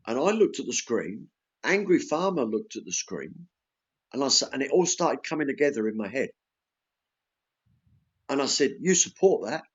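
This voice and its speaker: A man's voice: mid-range voice, big pitch swings, normal speed, long pauses, breathy edge. Blunt sweary English man, lo-fi sound. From England. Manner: blunt, sweary, acts out quoted exchanges. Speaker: podcast guest. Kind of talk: casual storytelling chat.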